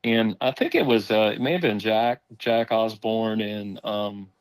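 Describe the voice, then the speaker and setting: A man telling a story on a podcast in casual chat, rambling and animated, acting out the voices of people he quotes. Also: fairly low pitch, a little slow, smooth, no room sound, low-quality recording.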